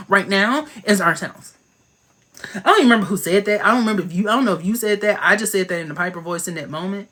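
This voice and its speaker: A man hosting a casual livestream chat, playful and slangy, talking into his phone with quick asides. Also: high voice, heavy background noise. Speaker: livestream host.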